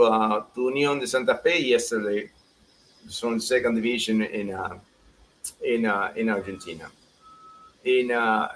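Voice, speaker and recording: A man, chatting casually as a soccer pundit, animated and laughing as he acts out quotes. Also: medium pitch, slight background noise, rough recording. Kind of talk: casual podcast chat.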